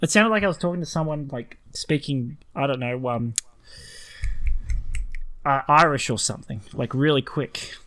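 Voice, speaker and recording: An Australian man co-hosting a casual podcast chat, telling animated stories and laughing often. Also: mid-range voice, moderate pace, pauses often. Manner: animated storyteller, mimics voices, laughs often. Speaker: podcast co-host.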